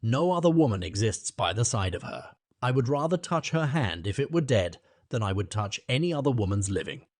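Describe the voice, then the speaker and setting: A man voicing a passionate young man, furious and wounded, whose words burst out with a sharp edge, in an audiobook reading. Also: medium pitch, big pitch swings, a little fast, few pauses, no room sound, clean studio sound. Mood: fierce.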